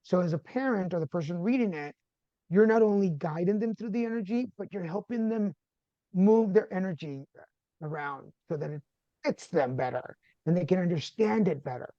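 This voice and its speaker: A man from Texas, a podcast guest, telling a personal story in a relaxed conversational way and acting out the voices of people he quotes. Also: sits high, normal speed, no echo, dull audio. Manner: animated, acts out quoted dialogue.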